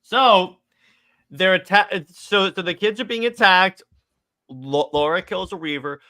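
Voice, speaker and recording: A man co-hosting a casual movie discussion, excitedly retelling scenes with lots of stumbling restarts. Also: high voice, unhurried. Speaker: podcast co-host.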